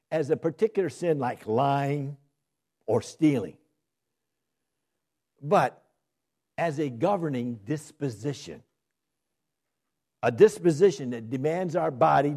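A man delivers a Bible-teaching sermon at an unhurried pace. His voice is warm and mellow, sits slightly high, and moves through a lively pitch range. He reads verses with emphasis and asks his listeners rhetorical questions before answering them. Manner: reads scripture aloud slowly and emphatically, then explains it. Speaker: preacher. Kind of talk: expository sermon.

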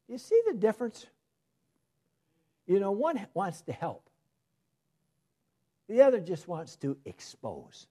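Slow and marked by long pauses, this sermon comes from a man whose husky, mellow voice stays lively in pitch. He alternates booming emphasis with soft asides.

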